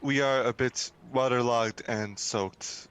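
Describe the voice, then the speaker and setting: A man's voice: mid-range voice, steady tone, slow pace, a bit bright, slight background noise. A man playing a tabletop game, speaking hesitantly and politely in character. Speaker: player.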